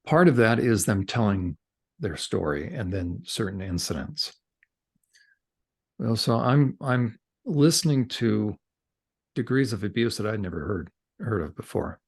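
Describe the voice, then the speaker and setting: A middle-aged man, a counselor and podcast guest, telling a story in conversation, animated and gesturing with his hands as he talks. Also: on the low side, a little slow, creaky, breathy edge.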